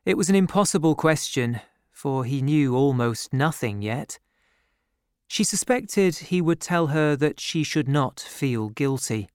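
Guy reading an audiobook, slow and steady, smooth clean voice, super dry close mic. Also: fairly high pitch, dry recording. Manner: measured, even storytelling delivery. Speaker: audiobook narrator. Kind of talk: scripted audiobook narration. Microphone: close studio microphone.

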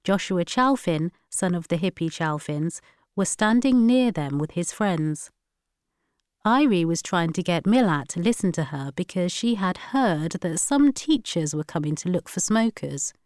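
In a steady, measured reading, a woman delivers scripted narration of a story. Her pitch is fairly low, and the sound is dry and clean, like a studio recording.

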